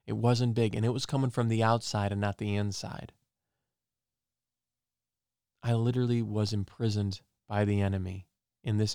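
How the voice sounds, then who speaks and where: Guy preaching his testimony, kinda low voice, smooth and resonant, says stuff twice for emphasis. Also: a little mellow, no echo, clean studio sound. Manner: earnest, repeats phrases for emphasis.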